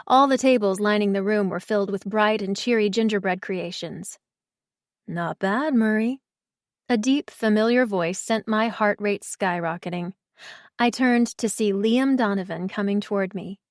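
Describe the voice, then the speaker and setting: A woman's voice: mid-range voice, no echo. Woman narrating an audiobook, dry and close. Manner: measured, expressive storytelling. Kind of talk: first-person audiobook narration.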